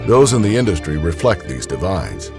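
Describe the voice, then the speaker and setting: A man reading scripted documentary narration in a measured, even delivery. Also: low voice. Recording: voice-over with background music.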